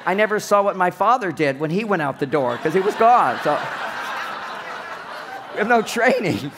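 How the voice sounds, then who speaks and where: A man's voice: sits high, lively intonation, moderate pace, noisy background. A man giving a humorous seminar talk on relationships, acting out little scenes as he goes. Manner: joking, acts out little scenes. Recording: long hall reverb.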